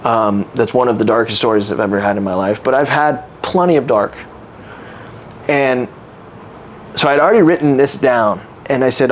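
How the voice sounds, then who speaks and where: An earnest man in his thirties talks candidly and reflectively in a podcast interview, with a voice of ordinary middle pitch. A faint hum sits behind him. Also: moderate pace. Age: 30s. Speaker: podcast guest. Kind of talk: casual interview storytelling.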